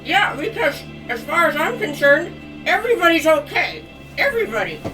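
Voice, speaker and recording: A woman's voice: extremely high pitch, sing-song, moderate pace, voice pushed up. A woman putting on a comic impression of a scheming female politician, breezy and flippant, on a live stream. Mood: mocking. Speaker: comedy co-host. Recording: distant mic with music behind.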